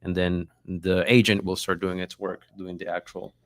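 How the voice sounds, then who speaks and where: A man with a very low voice guides listeners through a piece of software one click at a time. His delivery is steady and plain, with small fillers. The sound is dry and close to the mic. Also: normal speed, no echo. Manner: steady, step-by-step explaining with "uh, you know". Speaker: co-host. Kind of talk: software walkthrough.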